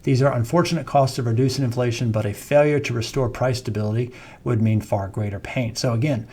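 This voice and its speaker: A man's voice: medium pitch, fairly even intonation, fairly quick, mellow, husky. A man, a wealth management firm founder giving a conversational video update on the economy, with frequent ums and self-corrections. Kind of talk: informal video market update.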